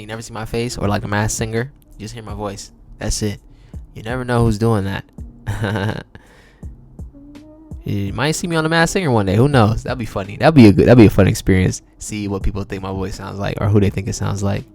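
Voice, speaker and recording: A man's voice: lowish voice, fairly even intonation, fairly quick, vocal fry, darkish tone, faint music behind. A man hosting his own podcast, talking in a laid-back, chatty way with slang and frequent laughs. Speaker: podcast host and singer. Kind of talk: casual solo podcast monologue.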